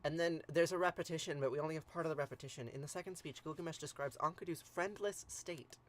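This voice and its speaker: Man, livestream host, reading aloud, chatty, giggly, slightly high voice. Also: fast talker. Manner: chatty, giggly, addresses viewers by name. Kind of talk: casual reading with playful commentary.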